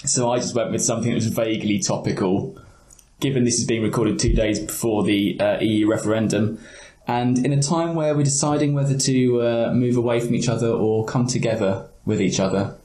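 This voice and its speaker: A man's voice: mid-range voice, brisk, mellow, roomy sound. A man on a podcast panel giving a short prepared science talk with a dry, wry manner.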